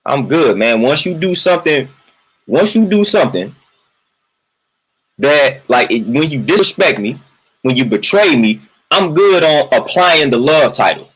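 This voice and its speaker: A man's voice: mid-range voice, very animated, a little slow, fairly bright tone, husky, low-quality recording. A man venting in a casual livestream monologue. He repeats his points emphatically, keeps tagging lines with "man" and greets viewers from the chat in between. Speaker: livestream host.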